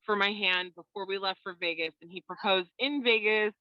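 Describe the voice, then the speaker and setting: A woman tells her story over a video call, animated and quick to laugh. The audio is a little dull and lo-fi, with a dry, close sound and no room around it. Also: medium pitch, no echo. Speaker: interview guest. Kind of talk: casual video call chat.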